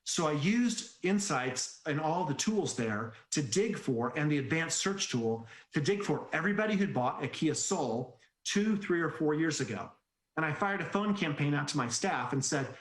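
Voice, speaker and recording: A man's voice: a little high, normal speed, roomy sound. A man presenting a sales training webinar, telling anecdotes with jokes and acted-out voices. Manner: animated storyteller, jokes and acts out quoted voices.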